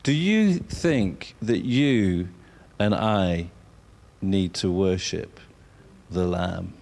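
A man preaching a sermon, drawing words out for emphasis and sometimes dropping to a soft whisper. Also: low-pitched, lively intonation, gravelly. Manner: slow, drawn-out emphasis, dropping to a whisper at times.

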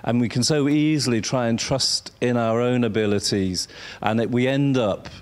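A man preaching an informal sermon, halting and repeating himself as he coaxes listeners to speak along. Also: mid-range voice.

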